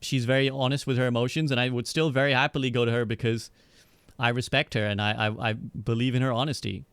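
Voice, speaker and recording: Man, podcast debate, measured reasoning, smooth voice, dry sound. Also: medium pitch, fairly even intonation, a bit bright, no echo. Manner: measured, reasoning aloud, frequent "right?". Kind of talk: casual debate.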